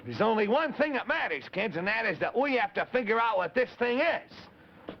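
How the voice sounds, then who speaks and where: A high-voiced man hosting a children's show, swooping lively in pitch as he speaks straight to the kids. The recording is dull and lo-fi with a faint hiss beneath it, like old 1950s TV. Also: normal speed. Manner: animated, addressing kids directly.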